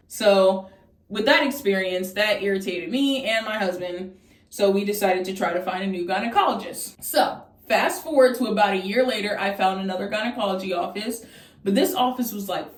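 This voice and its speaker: A woman in her twenties telling a casual storytime vlog, candid and profane, jumping into high-pitched voices when she quotes people. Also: recorded from a distance. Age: 20s. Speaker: vlogger. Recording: echoey room, voice off from the mic.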